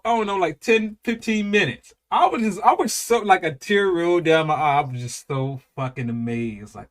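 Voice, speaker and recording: A man in his thirties giving casual reaction commentary, animated and profane, laughing often and drawing out his exclamations. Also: high-pitched, moderate pace. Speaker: reaction video host.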